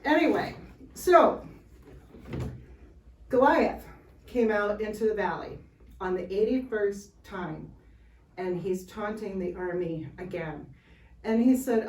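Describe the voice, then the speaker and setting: A woman tells a Bible story to children in a slow, chatty way, breaking off for asides. She is recorded by a camera some distance away in a church room. The sound is roomy, with a faint hiss. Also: mid-range voice, expressive, a little mellow. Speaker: Sunday school storyteller.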